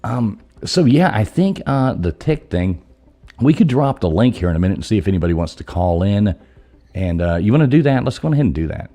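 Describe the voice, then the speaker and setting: Low mellow-voiced man hosting a live stream. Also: big pitch swings, a little fast. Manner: easygoing, rambling, greets viewers by name. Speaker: livestream host. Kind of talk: casual live show chat.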